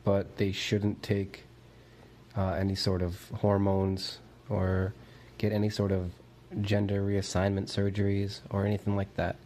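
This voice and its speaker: A man with a fairly low voice gives his opinion in a casual chat, speaking in a measured and even way. A faint hiss of background noise sits under his voice.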